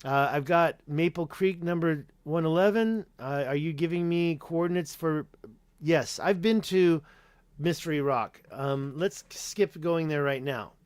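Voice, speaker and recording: A man hosts a casual live-stream Q&A with a slightly high voice, rambling from point to point and correcting himself as he goes. He reads viewer names aloud between answers. The sound is dry and close, with no room echo. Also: measured pace, smooth. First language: English. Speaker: YouTube host answering live chat.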